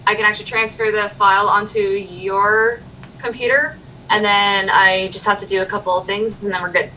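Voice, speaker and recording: A woman co-hosting a loose livestream chat, rambling from one topic to the next. Her tone is bright and a bit sharp. She sits back from the mic, and a faint hiss runs underneath. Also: medium pitch, level tone, distant mic, low-quality recording. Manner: chatty, rambling, quick to laugh. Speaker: stream co-host.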